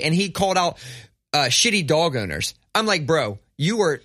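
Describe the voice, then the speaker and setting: Brash, bright-voiced man ranting. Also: a little high, normal speed, no echo. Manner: animated, swears a lot, rants with mock outrage. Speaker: podcast co-host. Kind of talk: casual profane storytelling.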